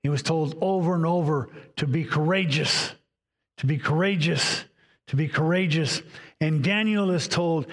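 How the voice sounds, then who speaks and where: A man preaching a sermon, reading scripture aloud and voicing inner dialogue with dramatic pauses. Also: fairly high pitch, long reverb tail. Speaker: pastor.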